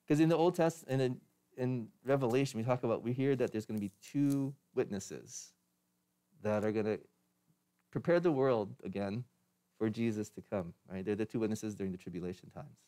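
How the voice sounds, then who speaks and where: A man's voice: medium pitch, brisk, warm tone. A man preaching a sermon as pastor, in a conversational way with restarts and light laughs.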